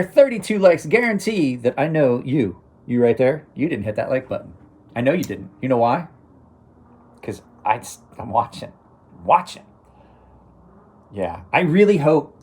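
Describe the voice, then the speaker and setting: Husky, rambling middle-aged man. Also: medium pitch, darkish tone. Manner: rambling, restarts sentences, chuckles to himself. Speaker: knife review channel host. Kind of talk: casual live-stream chat.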